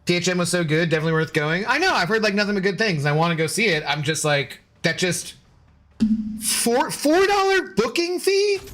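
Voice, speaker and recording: A man's voice: on the high side, fast talker, few pauses, bright, forceful tone. Exasperated man ranting on stream. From United States. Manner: ranting, exasperated, swears casually. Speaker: gaming streamer. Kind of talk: casual live-stream commentary.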